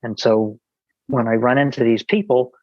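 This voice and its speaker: A man's voice: medium pitch, steady tone, normal speed, muffled recording. A man, a podcast guest, telling an anecdote in casual conversation, with many restarts and quoted dialogue.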